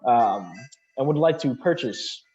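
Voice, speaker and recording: A man voicing an aloof, self-reliant woman apothecary who talks in a curt, unhurried way. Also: mid-range voice, lively intonation, a little mellow, highs cut off, faint music behind, close to an everyday voice. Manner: curt, unhurried, slightly haughty.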